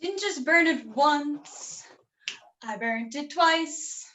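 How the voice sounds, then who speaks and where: Woman playing a slow drawling dramatic cook, high bright voice, sings bits. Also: lively intonation, full character voice. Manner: drawling, dramatic, breaks into song. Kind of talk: online improv comedy.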